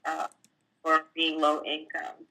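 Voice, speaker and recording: A woman's voice: deep voice, completely flat delivery, slow, vocal fry, bright, forceful tone, rough recording. A woman tax professional, a guest, explaining filing rules step by step in a plainspoken, casual way, with fillers. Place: California.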